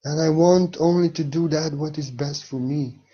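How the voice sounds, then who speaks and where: A man giving a spiritual monologue with a husky voice, speaking emphatically and swinging between soft and loud. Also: a little high, fairly even intonation, normal speed, highs cut off. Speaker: spiritual teacher.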